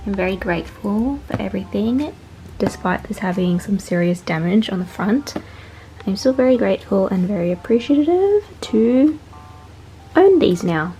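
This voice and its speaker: A young woman vlogging at home, gushing excitedly through an unboxing with lots of exclamations. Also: mid-range voice, normal speed. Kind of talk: casual unboxing vlog. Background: soft background music.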